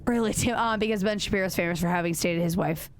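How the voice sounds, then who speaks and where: A woman with a lowish voice talks fast, with slight background noise, while livestreaming a horror game. She chats animatedly and directly with her viewers, swearing freely and rambling with many restarts and self-corrections.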